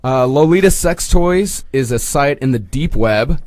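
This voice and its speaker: A man co-hosting a casual podcast, easygoing and a bit halting. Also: medium pitch, expressive, darkish tone, dry recording. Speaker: podcast co-host. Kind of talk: casual chat.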